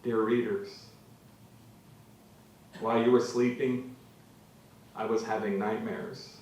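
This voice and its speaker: A man reading his own literary prose aloud to a live audience, measured and dramatic, leaning on repeated phrases. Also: on the low side, little pitch movement, darkish tone. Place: literary venue before an audience. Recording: very echoey hall from far off.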